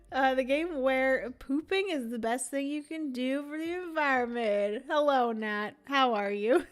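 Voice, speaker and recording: A young woman talks through her moves unhurriedly, a little high in her voice, musing aloud as she plays. She chats casually with her viewers between turns. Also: takes it slowly. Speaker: livestream host playing a solo board game. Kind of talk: casual livestream chat.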